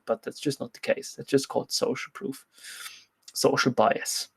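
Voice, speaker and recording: A Swiss-accented man from Switzerland, a fitness coach, answers viewer questions during a candid, rambling livestream full of restarts. His mid-range voice is creaky with a breathy edge, delivered flatly at normal speed.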